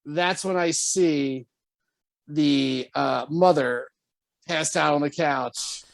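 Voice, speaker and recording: A man telling a story on a casual podcast, animated and swearing often, jumping high when quoting himself. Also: slow pace, creaky, no echo. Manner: animated, swears often, jumps to high pitch for quoted lines. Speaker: podcast co-host.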